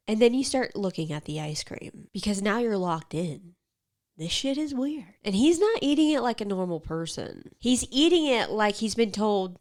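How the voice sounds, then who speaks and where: A woman's voice: mid-range voice, big pitch swings, moderate pace. Sarcastic, exasperated woman host. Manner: sarcastic, exasperated, drops into whispers. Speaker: commentary host. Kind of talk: casual reaction commentary.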